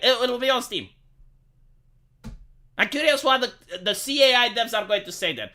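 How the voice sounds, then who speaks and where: A man rants to his live-stream chat in a bright, edgy voice. His pitch swings widely as he talks. He swears often and trips over repeated words when he gets heated. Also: animated, normal speed. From Romania. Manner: profane, stammering, repeats words when worked up. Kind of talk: casual ranting chat to live viewers.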